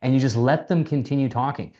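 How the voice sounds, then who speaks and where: Male mentor, mid-pitch, loose and animated, casual swearing, lo-fi sound. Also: fairly quick. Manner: animated, acts out quoted dialogue, swears casually. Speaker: mentor teaching sales. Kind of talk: casual coaching talk.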